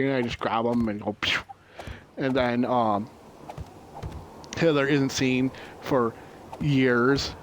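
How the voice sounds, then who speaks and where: A man's voice: medium pitch, fairly even intonation, unhurried, a little hiss or hum. A man casually spinning a rambling, profane story with many ums and uhs while he plays a game. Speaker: gamer.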